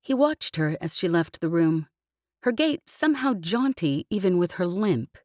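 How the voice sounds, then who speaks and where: A woman narrating a science fiction audiobook with an even, expressive reading. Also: lowish voice, measured pace, dry recording, clean studio sound. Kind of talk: scripted narration.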